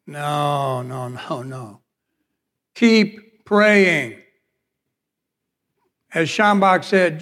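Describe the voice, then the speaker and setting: A man's voice: fairly high pitch, fairly even intonation, very slow, long pauses, fairly bright tone. Man preaching a storytelling sermon in a reverberant hall. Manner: storytelling, acts out quoted dialogue. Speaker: pastor. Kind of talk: sermon with personal testimony. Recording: long reverb of a large hall.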